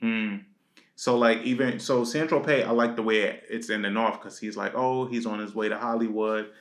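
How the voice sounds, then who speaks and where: A young man with a lowish voice talks in a relaxed, reflective way. He is a co-host in casual chat and fills his thoughts with "like" and "um". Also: moderate pace. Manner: relaxed, reflective, many fillers. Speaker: podcast co-host.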